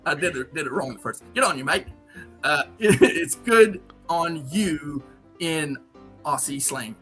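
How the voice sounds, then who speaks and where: A man's voice: a little high, slow pace, soft background music. A man hosting a livestream, joking and laughing as he reads viewer super chats. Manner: animated, joking, laughs often. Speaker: livestream host. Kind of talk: casual livestream chat, reading super chats.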